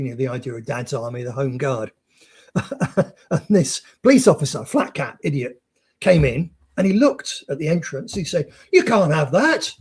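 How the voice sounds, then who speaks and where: A man with a somewhat husky, slightly higher-than-usual voice talks in a loose, rambling way, often restarting his sentences and filling gaps with "uh". At other times he reads a prepared text aloud in a steadier delivery. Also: darkish tone. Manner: rambling storyteller with frequent restarts and fillers. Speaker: speaker presenting a project. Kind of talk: anecdote-telling, then reading a prepared text aloud.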